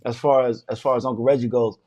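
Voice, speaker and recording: A young adult man co-hosting a casual podcast. He chats and tells stories in a relaxed way. His voice sits in a middle range. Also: mid-range voice, fast, highs cut off. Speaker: podcast co-host. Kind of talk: casual interview chat.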